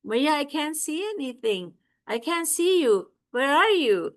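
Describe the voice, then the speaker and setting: A woman's voice: high-pitched, big pitch swings, measured pace, pitched above the performer's own voice. A woman voicing a small, stubborn boy god, insisting in a childlike whine. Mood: pleading.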